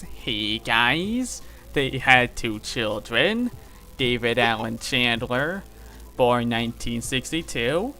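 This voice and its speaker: A man reading aloud in a put-on impression voice, slowed and drawling. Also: medium pitch, pushed and bright, full character voice. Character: man doing a mimicked online personality voice.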